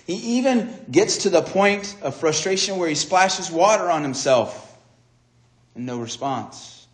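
A man's voice: lively intonation, a little slow, roomy sound. Man preaching a dramatic sermon. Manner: dramatic storytelling, acting out dialogue with swings in pitch and volume.

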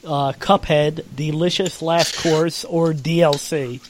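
A man's voice: a little high, fairly even intonation, slow. A man co-hosting a podcast in casual chat, eager and stammering as he restarts. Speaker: podcast co-host. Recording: noisy background.

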